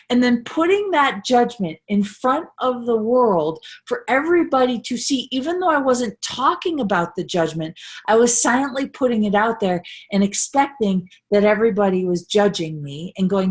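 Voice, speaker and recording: A woman's voice: on the high side, expressive, moderate pace, slightly rough. A middle-aged woman life coach giving a casual, earnest motivational talk, repeating phrases for emphasis and tagging lines with "right?". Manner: earnest, emphatic, repetitive, with frequent "right?" tags.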